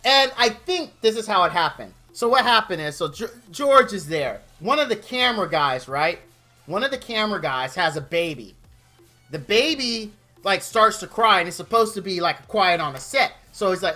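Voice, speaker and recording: A man's voice: high-pitched, lively intonation, moderate pace, pushed and bright, soft background music. A man streaming a comedic rant, exasperated and mocking, who acts out made-up quotes in goofy voices.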